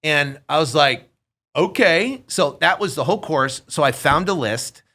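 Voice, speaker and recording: His voice is a little high and his speed normal: a man in his fifties guesting on a podcast, relating a story in casual chat. He animatedly imitates the voices of the people involved.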